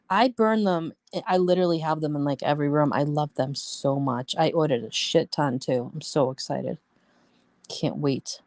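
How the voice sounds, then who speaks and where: Brief: woman streamer, blunt and profane, chatty storyteller, lowish voice. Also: normal speed, a little mellow, no echo. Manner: blunt, swears freely, venting; chatty storyteller, talks to viewers. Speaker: livestream host. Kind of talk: casual live-stream chat.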